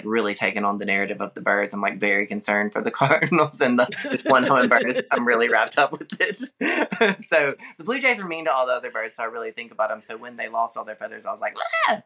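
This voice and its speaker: A man's voice: medium pitch, animated, fast talker, sharp tone. A man, a podcast guest talking casually in rambling digressions and laughing often. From American South. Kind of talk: casual chat.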